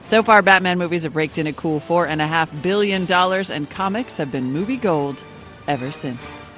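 A man presenting a broadcast news segment in a crisp, wrap-up manner. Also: a little high, normal speed, fairly bright tone, soft background music.

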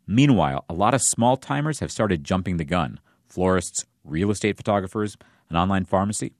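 A man with a lowish voice narrates a radio news report. His pitch moves around a lot, and the recording is dry and close. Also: expressive, a little fast, no echo.

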